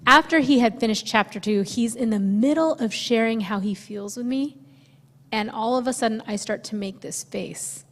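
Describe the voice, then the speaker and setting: A woman sharing a testimony in a church, telling her story with animated energy, laughing and acting out what she thought. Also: fairly high pitch, moderate pace. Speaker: guest speaker sharing testimony with husband. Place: church sanctuary. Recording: reverberant church sanctuary.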